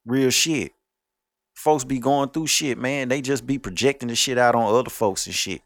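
A man's voice: mid-range voice, moderate pace, dry recording. A man hosting a podcast, ranting at listeners in a blunt, profane, scolding way. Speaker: podcast host. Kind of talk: ranting monologue.

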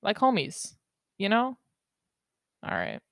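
A woman's voice: mid-range voice, wildly swooping pitch, takes it slowly, gravelly, fairly bright tone, dry recording, clean studio sound. A woman hosting a solo podcast, rambling and joking with lots of swearing and laughter. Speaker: podcast host. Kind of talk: casual solo podcast monologue.

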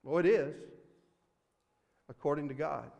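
A man with a Mississippi accent preaching a sermon as pastor, earnest, swinging between loud emphasis and hushed asides. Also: fairly high pitch, unhurried, gravelly, in a large hall, highs cut off. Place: church sanctuary.

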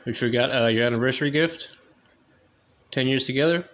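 A man's voice: medium pitch, fairly quick. A young man doing a loose, crude, slangy stand-up comedy monologue, in a dull lo-fi recording.

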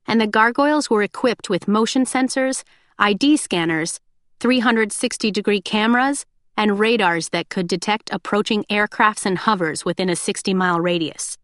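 A woman narrating an audiobook in a steady, unhurried storytelling voice. The recording is dry and close, with no room sound at all. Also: mid-range voice, dry recording. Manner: steady, descriptive reading. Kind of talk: scripted narration.

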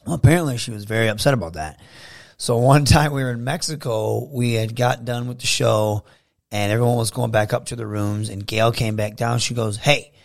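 Podcast guest, male wrestler from Michigan; gravelly, animated storyteller. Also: mid-range voice, a little fast. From Michigan, USA. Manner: animated storyteller, acts out quoted dialogue. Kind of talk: casual podcast chat.

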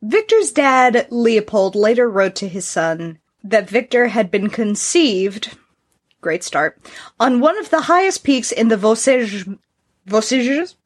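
A woman in her thirties hosting a podcast, chatting casually with wry, deadpan humor. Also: a little high, slow pace, slightly rough. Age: 30s. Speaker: podcast host. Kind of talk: casual chat.

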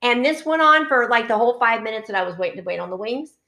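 A woman's voice: on the high side, quick pace, creaky. A middle-aged woman, a lactation consultant co-hosting a podcast, telling stories in casual chat and acting out the people she quotes. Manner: animated storyteller acting out quoted voices.

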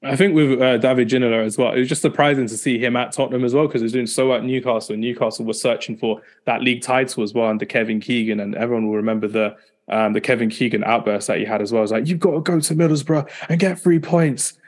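Man, podcast host, rapid delivery, chatty, upbeat, mid pitch. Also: flat delivery. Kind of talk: casual podcast chat.

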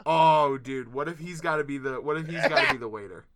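A man's voice: fairly high pitch, noisy background. A man chatting casually and joking as he sets up an improv scene. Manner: quick, joking, directs the scene. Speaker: improv performer. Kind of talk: casual chat.

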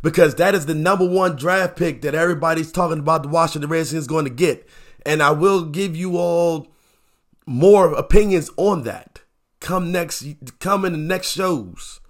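A man with a fairly high pitch, speaking at a normal speed, hosts an informal sports opinion show. He's animated, says things over and over, and keeps asking rhetorical questions.

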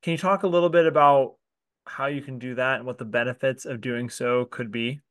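A man's voice: medium pitch, steady tone, a little fast, a bit bright, no room sound, clean studio sound. A man hosting a podcast, who asks his questions in an enthusiastic and affirming way. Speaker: podcast host. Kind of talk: interview questions.

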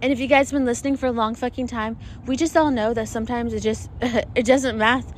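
A woman's voice: a little high, steady tone, brisk, slight background noise. Profane, chatty young woman podcaster outdoors. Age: young adult. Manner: chatty, profane, self-mocking, often laughing. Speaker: podcast host. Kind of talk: casual solo podcast monologue. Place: outdoors in the desert, planes passing overhead. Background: passing airplanes.

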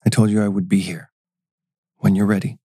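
A man voicing a patient, mysterious female guide being who speaks gently and cryptically in a narrated audio story. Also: on the low side, level tone, a little fast, husky, dry recording, clean studio sound. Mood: calm. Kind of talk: audio drama reading.

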